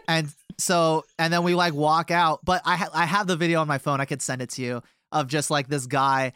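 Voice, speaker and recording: A man's voice: fairly high pitch, little pitch movement, normal speed, hardly any pauses, a bit bright, clean tone, no echo, studio quality. Rambling young man telling a story. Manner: rambling, many fillers and restarts. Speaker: touring band member, guest. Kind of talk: casual storytelling chat.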